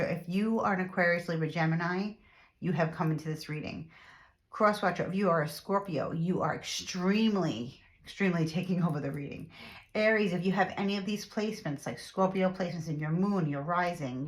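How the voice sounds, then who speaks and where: A woman chatting through a casual tarot reading to her viewers, repeating herself and using lots of fillers. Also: fairly low pitch. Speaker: tarot reader.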